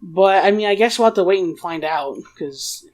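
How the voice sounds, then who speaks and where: Co-host, chatty and hesitant, middle pitch, informal. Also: expressive, normal speed. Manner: hesitant, many fillers and restarts, mock-dramatic when quoting. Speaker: podcast co-host. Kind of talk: casual chat reviewing a comic chapter.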